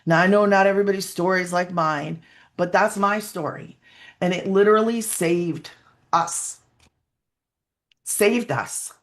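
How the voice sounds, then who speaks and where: A woman's voice: lowish voice, a little slow, long pauses. A woman giving a rambling, heartfelt personal testimonial as a webinar guest over a video call, sometimes close to tears.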